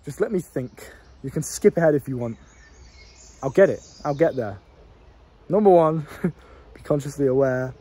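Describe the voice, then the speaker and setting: A man's voice: fairly high pitch, animated, normal speed, pauses often, warm tone, breathy edge. A young man, a self-improvement coach giving an unfiltered, passionate vlog monologue, blunt and full of swearing. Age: young adult.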